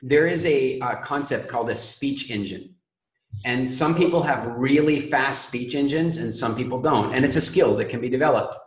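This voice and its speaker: A man's voice: mid-range voice, normal speed. Man coaching with roomy echo. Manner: calm explanatory, uses analogies. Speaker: speaking coach. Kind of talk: group coaching call.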